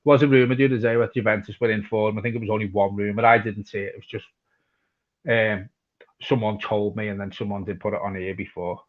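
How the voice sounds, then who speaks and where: Hosting a live football watch-along for his fan channel, a man reads out viewer comments and chats casually, swearing freely. His fairly low voice stays steady at a quick pace, and the sound is lo-fi.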